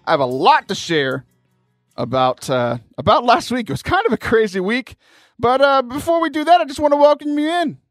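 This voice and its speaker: A man hosting a casual comedic radio show, energetic and rambling, laughing between jokes. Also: very high voice, fairly quick, no room sound, clean studio sound, soft background music. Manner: energetic, jokey, rambling with restarts. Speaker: podcast host. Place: radio studio.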